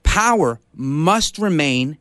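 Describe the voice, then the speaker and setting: A man's voice: on the high side, animated, slow pace, fairly bright tone, no room sound, clean studio sound. A man hosting a talk radio show, delivering an emphatic, preachy rallying monologue. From Brooklyn, USA.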